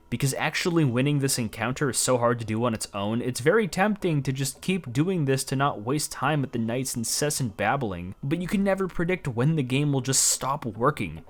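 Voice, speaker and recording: Exasperated male video essayist. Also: on the high side. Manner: exasperated, sarcastic. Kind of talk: scripted video essay narration.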